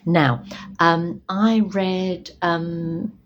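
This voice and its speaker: Woman, book reviewer, low pitch, casual rambling chat, hesitant restarts. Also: fairly even intonation, extremely slow, muffled recording, slight background noise. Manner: rambling, frequent ums and restarts.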